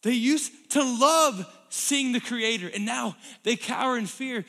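Animated high-voiced preacher in a hall. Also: male voice, measured pace, gravelly, few pauses. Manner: animated storytelling, acts out scenes. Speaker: pastor. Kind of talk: sermon. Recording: long hall reverb.

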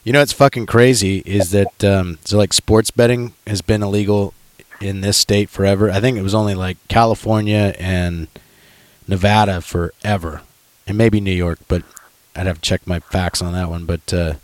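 A man's voice: low-pitched, fairly even intonation, moderate pace, no room sound. A man from Washington state co-hosting a casual chat, laid-back and profane, laughing easily. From Washington state, USA. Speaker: podcast co-host.

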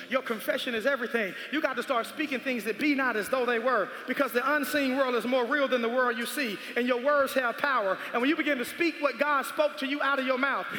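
Male pastor, very high voice, repetitive emphatic sermon delivery with shouting peaks, recorded in a long-reverb church hall. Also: a little hiss or hum. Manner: emphatic call-and-response preaching with repetition. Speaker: preacher. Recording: echoey hall with music behind. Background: music.

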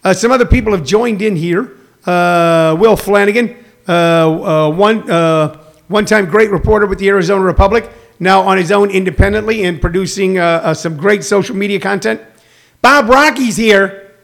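Sixties guy w/ a raspy fry in his voice, kinda high pitched, rambling comedian chat. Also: moderate pace, a bit bright. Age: 60s. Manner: rambling, plugs shows, reads viewer comments. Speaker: comedian hosting a livestream. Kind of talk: casual chat. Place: home.

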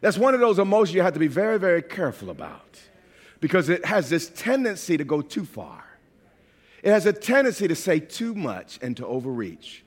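A man from New York preaching a sermon as a pastor, animated and at times shouting. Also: fairly high pitch, brisk, husky, long reverb tail.

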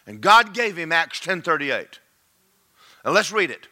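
A male pastor preaching a sermon, folksy and fervent, swinging from quiet asides to shouting. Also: a little high, sing-song, measured pace, pauses often.

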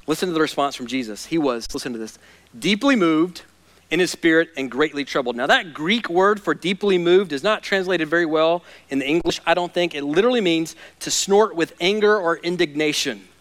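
A male pastor preaching a sermon, moving between hushed, intense passages and loud, fired-up ones. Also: fairly high pitch, animated, brisk.

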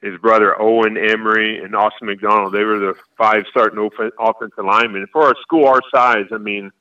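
A man in his forties, a high school football coach from Florida, answering interview questions in a rambling way with halting restarts. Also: fairly even intonation, pushed and bright, recorded from a distance, lo-fi sound.

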